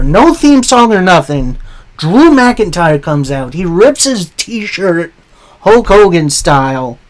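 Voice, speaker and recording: A man hosting a podcast and recapping a wrestling show in a casual storytelling manner with asides. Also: high-pitched. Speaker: podcast host.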